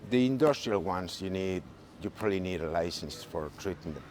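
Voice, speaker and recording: A man with a fairly low voice and a Spanish accent explains garden growing in patient, slightly halting English, often repeating his points. Faint ambient noise sits behind him. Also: expressive, darkish tone. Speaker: gardening expert guest. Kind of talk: radio interview, explaining.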